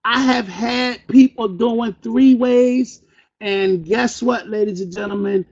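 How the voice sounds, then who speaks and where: A man runs a motivational sales training with a very high-pitched, husky voice. He talks fast, fires questions at his audience and acts out quick phone pitches. The recording is dull and lo-fi. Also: darkish tone. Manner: fast, call-and-response, acts out phone calls. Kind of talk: energetic motivational training talk.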